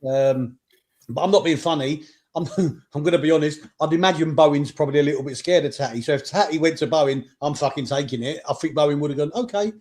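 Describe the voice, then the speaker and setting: A man's voice: a little high, fairly even intonation, quick pace, a little mellow. A man from England co-hosting a football podcast, blunt and joking, swearing casually. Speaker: podcast co-host.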